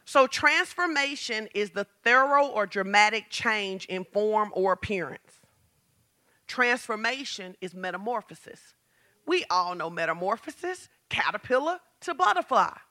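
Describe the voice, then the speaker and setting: A woman pastor preaching a lively sermon, asking the congregation questions and building to shouts. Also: mid-range voice, a little slow. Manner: talks straight to the congregation with questions.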